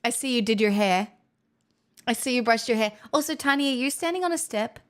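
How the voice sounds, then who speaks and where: A young woman streamer chatting with her viewers. She is gushing and excitable, and slips into soft baby talk with a dog. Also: a little high, brisk. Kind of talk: casual livestream chat.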